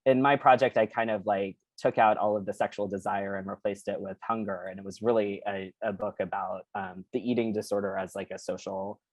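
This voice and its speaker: Low-voiced author reading aloud. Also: male voice, dry recording. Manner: lively reading, then halting talk with many fillers. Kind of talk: reading fiction aloud then discussing writing. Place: bookstore event.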